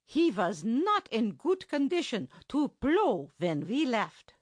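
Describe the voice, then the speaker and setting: A woman's voice: a little high, big pitch swings, slow, no echo, voice pushed up, heavily acted. A woman voicing a stubborn, sarcastic German band musician with a heavy German accent and broken English, recorded dry for an audiobook. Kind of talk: audiobook character voice.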